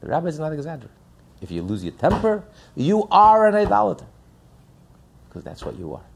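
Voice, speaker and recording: A man's voice: fairly high pitch, wildly swooping pitch, brisk. A man giving a sermon as a rabbi, emphatic and repetitive, firing rhetorical questions. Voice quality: gravelly, husky.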